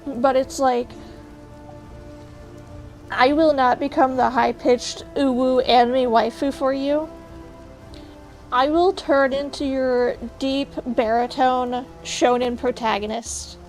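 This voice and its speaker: Woman streamer, high voice, blunt rants. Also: fairly even intonation, slow pace, pauses often, darkish tone, faint music behind. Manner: blunt, joking rants to chat. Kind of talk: casual livestream chat.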